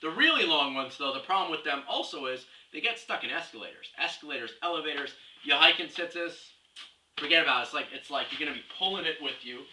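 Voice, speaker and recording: A man's voice: fairly high pitch, lively intonation, fast, bright, forceful tone. A young man delivering a rambling, scatterbrained comic rant with mock-serious reasoning, recorded at a distance in a roomy space with faint hiss. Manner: rambling, scatterbrained, jumps between topics. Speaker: comedy video blogger.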